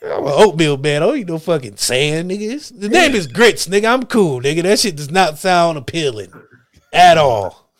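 A man hosting a podcast, telling loud, profane, animated stories in casual comedic chat. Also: a little high, moderate pace. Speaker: podcast host.

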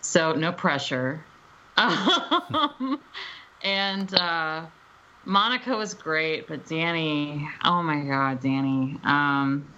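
A woman chats loosely about directing a voice recording session, breaking into laughter often as she rambles. Her voice is bright and forceful despite sitting fairly low for a woman. The recording sounds somewhat dull and lo-fi. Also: expressive, drawn-out words. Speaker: voice director and game developer. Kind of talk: casual podcast chat.

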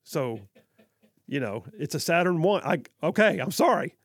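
Casting: middle-aged Southern man, radio talk host, gravelly, dry close studio mic, chatty and quick to laugh. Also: on the high side, big pitch swings, dry recording. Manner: chatty, self-deprecating, laughs often. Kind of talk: casual call-in radio talk. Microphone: studio microphone.

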